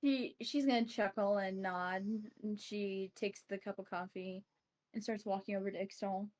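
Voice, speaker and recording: A woman's voice: medium pitch, fairly even intonation, normal speed, a little mellow. A woman player at a tabletop game who talks in a chatty, playful way. She moves freely between speaking as her character and speaking at the table. Her voice sits in a medium range. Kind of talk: casual tabletop role-play.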